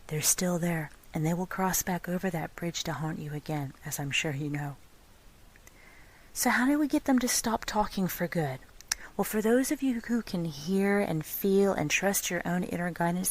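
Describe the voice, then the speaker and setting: A woman hosting a spiritual self-help podcast, speaking calmly and deliberately, often slipping into a soft, breathy whisper. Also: fairly low pitch, poor audio. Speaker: podcast host.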